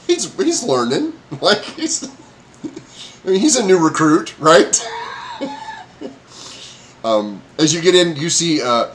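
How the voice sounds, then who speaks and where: A man's voice: a little high, very animated, slow, pauses often, a little hiss or hum. A man narrating a tabletop game as game master, hesitant with many fillers and frequent laughs.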